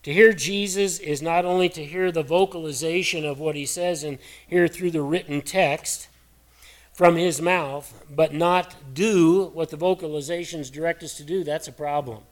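A middle-aged man preaching a sermon in a folksy, earnest, conversational way, his voice hoarse and cracking. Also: a little high, fairly even intonation, moderate pace. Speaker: pastor.

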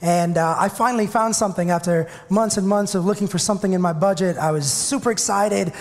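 A man's voice: high voice, steady tone, fast, in a large hall. A man in his thirties preaching a sermon as pastor, telling a personal story in a conversational, self-deprecating way.

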